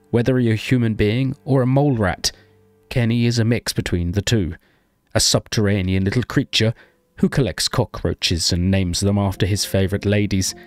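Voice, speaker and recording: A man narrating his survival game as a playful story, making wry asides and talking to his character. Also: on the low side. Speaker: gaming video narrator.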